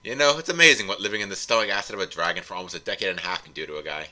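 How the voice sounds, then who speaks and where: Brief: a man doing a silly little ex-lord, low and bright. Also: racing.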